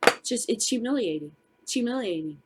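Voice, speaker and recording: A woman's voice: a little high, animated, brisk, heavy background noise. A middle-aged woman hosting her own show, ranting in a furious, profane casual vlog. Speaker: show host. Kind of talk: angry casual vlog rant.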